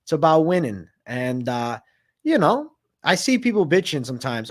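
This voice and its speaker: A man's voice: mid-range voice, very animated, moderate pace. A man hosting a live stream of fight predictions, talking in a brash, slangy and profane way. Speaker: host.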